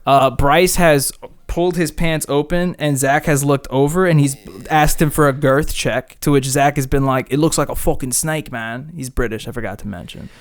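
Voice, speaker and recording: A man from New York City co-hosting a podcast, telling gossip in a casual chat, animated and heavy on "like.". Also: a little high, normal speed, clean tone. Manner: animated storyteller, frequent "like" fillers. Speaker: podcast co-host.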